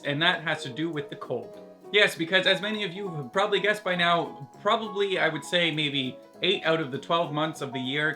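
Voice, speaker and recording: A man's voice: fairly high pitch, sharp tone. A man from Canada, ranting jokingly to camera as a YouTuber, sarcastic and casually swearing. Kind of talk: comedic vlog rant.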